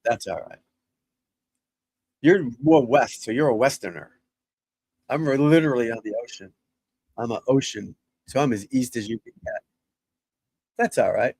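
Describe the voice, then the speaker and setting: A man's voice: mid-range voice, sing-song, normal speed, vocal fry, long pauses, a little mellow, slightly rough, dry recording. A middle-aged man with a Boston accent, a golf instructor chatting casually on a live stream, rambling and blunt with joking asides.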